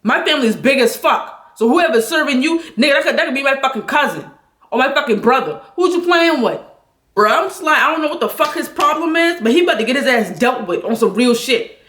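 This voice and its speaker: A woman angrily venting a story on a livestream, talking loud, blunt and full of profanity. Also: sits high, animated, fast talker, roomy sound.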